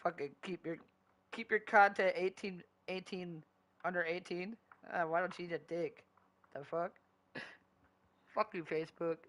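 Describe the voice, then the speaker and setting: A man's voice: on the high side, fairly bright tone. A man chatting casually while streaming a video game, rambling loosely and swearing constantly. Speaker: gaming streamer. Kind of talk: casual chat while gaming.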